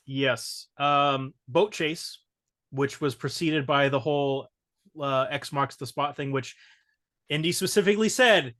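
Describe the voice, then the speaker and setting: A man's voice: on the high side, measured pace, bright, forceful tone. A man hosting a casual roundtable movie chat, talking animatedly and acting out quotes from scenes. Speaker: host.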